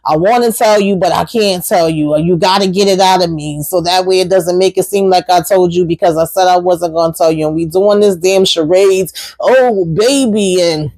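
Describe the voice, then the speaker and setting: A woman hosting a casual TV episode recap, talking in an animated, sassy way and swearing offhandedly. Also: lowish voice, moderate pace, few pauses, no echo, low-quality recording.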